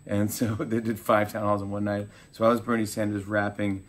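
A man in his forties, a talk show host being interviewed, telling animated stories and acting out quotes. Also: lowish voice, fairly quick, slight background noise. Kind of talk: casual interview chat.

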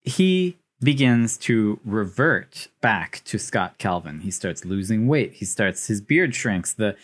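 A man's voice: fairly low pitch, sing-song, slow pace. A man co-hosting a podcast, casually and playfully arguing a tongue-in-cheek movie theory, laughing often. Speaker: podcast co-host. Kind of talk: casual chat, joking movie analysis.

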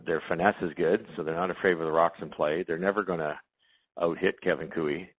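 A man's voice: deep voice, fairly even intonation, fairly quick, husky, rough recording. A middle-aged man, a former curling champion, giving loose, rambling expert commentary in an interview, full of fillers and restarts. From Canada.

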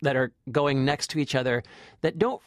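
A man's voice: medium pitch, moderate pace, no echo, studio quality. A man co-hosting a movie review podcast, chatting casually with lots of fillers and restarts. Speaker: film critic podcast co-host.

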